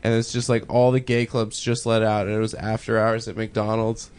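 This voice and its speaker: Laid-back young man telling halting anecdotes. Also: on the low side, level tone, darkish tone, clear, resonant tone. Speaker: podcast co-host. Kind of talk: casual chat.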